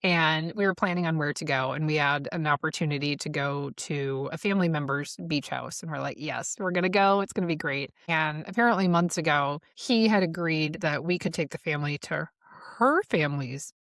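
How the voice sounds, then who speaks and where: A woman's voice: sits low, normal speed, few pauses, a bit bright, no room sound, studio quality. A woman in her forties hosting a solo podcast, telling her story candidly and with profanity, laughing often and flaring into heated outbursts. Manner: laughs often while speaking. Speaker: podcast host. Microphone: studio mic.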